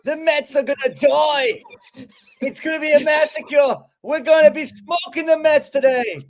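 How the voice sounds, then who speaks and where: A man putting on a loud, hammy English paperboy. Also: extremely high pitch, steady tone, a little slow, pitched above the performer's own voice. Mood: hammy bragging. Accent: put-on British. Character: brash young male English paperboy with a pipe. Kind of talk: comic impression on a podcast.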